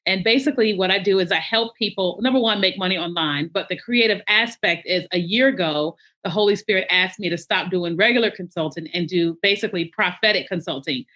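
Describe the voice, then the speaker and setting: A woman consultant telling stories as a podcast guest, animated and acting out what people said. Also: on the low side, brisk, hardly any pauses. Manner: animated, acts out quotes. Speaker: branding and marketing consultant, guest. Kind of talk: interview storytelling.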